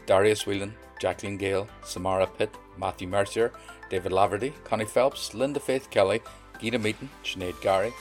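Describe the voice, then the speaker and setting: A man's voice: lowish voice, steady tone, a little fast, faint music behind. A male podcast host reading a grateful outro and thanking supporters by name.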